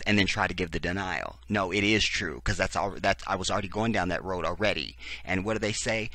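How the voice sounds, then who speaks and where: A man's voice: sits low, fairly quick, gravelly, sharp tone, dry recording. A man hosting a profane, sarcastic political commentary, reading text aloud and breaking in with heated reactions. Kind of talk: ranting video commentary.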